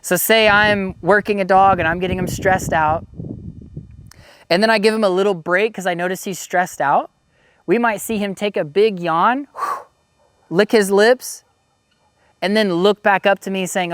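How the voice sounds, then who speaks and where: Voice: mid-range voice, steady tone, unhurried, pauses often, smooth, no room sound. A dog trainer giving a casual instructional talk, easygoing and explanatory, often saying "you know".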